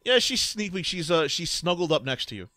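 Animated game-master man. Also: fairly high pitch, brisk, dry recording. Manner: hesitant, laughing, many "uh"s. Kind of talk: narrating a tabletop game.

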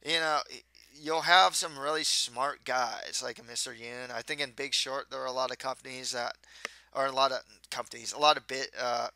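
A man's voice: mid-range voice, steady tone, normal speed, vocal fry, pushed and bright. A man giving a casual, rambling spoken movie review, often restarting his sentences. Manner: rambling, with frequent restarts and stumbles.

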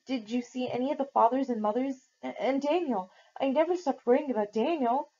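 A woman's voice: high voice, brisk, mellow, slightly rough, muffled recording, voice pushed up. A woman voicing a worried young captive girl asking eager, anxious questions.

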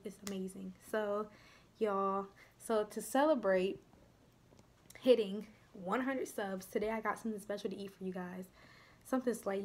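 A young woman chatting casually to her viewers while eating on camera, often dropping her voice to soft, near-whispered asides. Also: medium pitch, a little hiss or hum. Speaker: mukbang vlogger.

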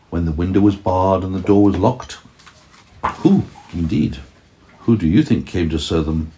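Low-voiced dad reading a bedtime story. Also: male voice, normal speed, a little hiss or hum. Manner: gentle, reads aloud and asks his child questions. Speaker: parent telling a story to a toddler. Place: home.

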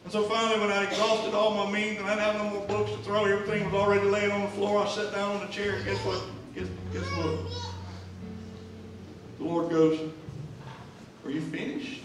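A man preaching a sermon, swinging from soft and slow to loud and emphatic. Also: sits high, level tone, noisy background. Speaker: pastor. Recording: echoey church hall, mic at a distance. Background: band music playing.

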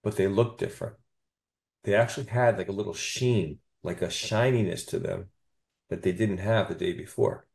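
A man with a fairly low, gravelly voice recounts a patient story as a podcast guest. He sounds enthusiastic and keeps checking in with "you know" and "okay?" as he tells it. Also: normal speed, a little mellow. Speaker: chiropractor guest.

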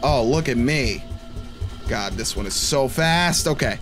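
A young man plays a horror game and chats to himself in jumpy let's-play commentary. His mid-range voice is expressive and fairly bright, a little slow, with faint music audible behind him.

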